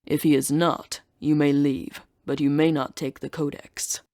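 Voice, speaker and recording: An ancient winged beast with an ox's body speaks slowly and gravely, growling each threat, as a woman puts him on. The voice sits low and close, with no room around it. He sounds solemn and menacing, guarding his temple in an audiobook. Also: flat delivery, mellow, no echo.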